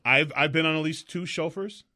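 A man co-hosting a talk show, telling rambling, animated anecdotes in casual chat. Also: fairly high pitch, normal speed. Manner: slips into mock voices.

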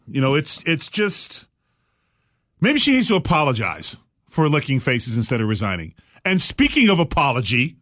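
A man's voice: medium pitch, wildly swooping pitch, normal speed, fairly bright tone, no echo, clean studio sound. A man hosting a comic talk show, sarcastic, riffing and slipping into mock voices. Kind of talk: comic panel banter.

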